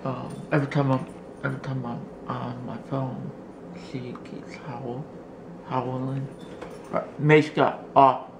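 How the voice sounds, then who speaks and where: A man vlogging casually from his home, talking to his camera and coaxing his dog in a high, playful voice between rambling updates. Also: flat delivery, slow pace, gravelly. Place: home indoors. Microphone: handheld camera. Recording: noisy home camera audio.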